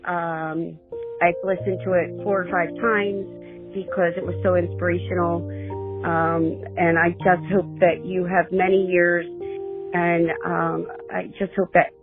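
A woman leaving a voicemail for a podcast host, grateful and a little hesitant. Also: on the low side. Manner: warm, grateful, hesitant with fillers. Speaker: voicemail caller. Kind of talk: phone voicemail message. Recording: tinny phone line with music behind.

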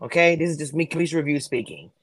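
A woman hosting a heated reaction chat, excitable and quick to cut in. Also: deep voice, no room sound. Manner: excitable, interrupts, cries hold on and wait. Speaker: show host.

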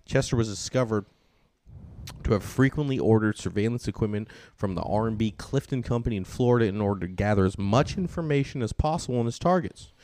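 Low-voiced man reading a crime story. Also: expressive, a little fast, a little mellow. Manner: reads notes steadily, then trades banter. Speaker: comedian and podcast host.

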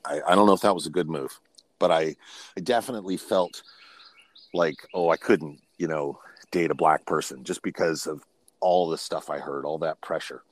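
A man's voice: rumbling low, moderate pace. A man in his fifties, a podcast guest, telling personal stories in a frank, rambling way and often restarting his sentences. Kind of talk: personal storytelling in casual conversation.

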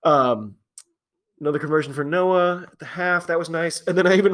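Chatty man with a fairly high voice. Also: fairly quick, a bit bright. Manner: chatty, opinionated, frequent fillers and restarts. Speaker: podcast host. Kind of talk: casual solo commentary.

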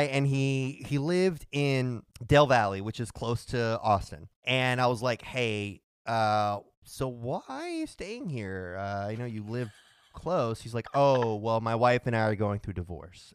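A man's voice: mid-range voice, animated, unhurried, smooth, dry recording, studio quality. A man co-hosting a podcast, telling an anecdote in a laid-back way and acting out the quotes. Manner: laid-back storyteller who acts out quotes. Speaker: podcast co-host. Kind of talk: casual chat.

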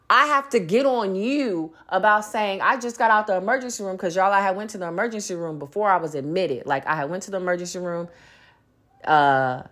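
A woman hosting a solo podcast, venting bluntly and profanely about dating and everyday life, speaking. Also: medium pitch. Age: adult. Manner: blunt, profane, emphatic storytelling. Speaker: podcast host.

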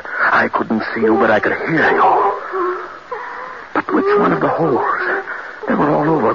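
An actor playing a guilt-stricken man driven half mad by horror, in 1940s radio acting, with a strained voice that breaks into anguished cries. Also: mid-range voice. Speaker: Charles Prentice, a man haunted by his wife's death. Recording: muffled old radio recording, loud hiss.

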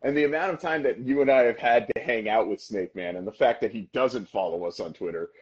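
A man co-hosting a podcast in casual chat, animated and swearing, often mimicking others. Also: medium pitch, a little fast, highs cut off. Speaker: podcast co-host.

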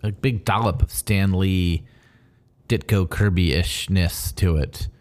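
A man with a very low voice in casual podcast chat, filling in comic history and trivia between his co-host's retellings. He talks loosely, with plenty of fillers. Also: takes it slowly, a little mellow. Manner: adds fan background and trivia, with frequent fillers. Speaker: podcast co-host.

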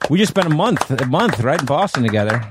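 A man's voice: mid-range voice, very animated, very noisy. A man co-hosting a podcast, joking and swearing freely in loose banter. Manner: fast, profane, joking banter. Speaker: podcast co-host. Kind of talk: casual chat.

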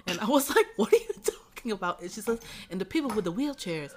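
A woman as a guest in a casual chat, telling stories in a relaxed way and laughing often. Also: mid-range voice, fast, husky.

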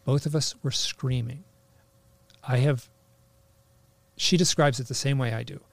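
A man telling a personal story in a casual, halting way, full of restarts, animating the voices he quotes. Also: mid-range voice, creaky, dry recording. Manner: animated, acts out quoted lines.

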